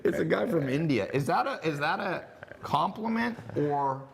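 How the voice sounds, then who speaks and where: Male host, mid pitch, fast and animated, cracking jokes while selling a training course on a live stream. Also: gravelly, a little hiss or hum.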